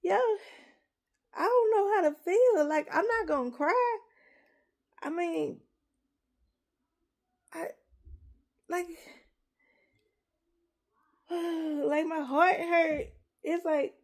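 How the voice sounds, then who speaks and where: A woman's voice: high voice, animated, slow, vocal fry, long pauses. A middle-aged woman, rambling emotionally to her viewers in a casual confessional vlog, on the verge of tears. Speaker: vlogger.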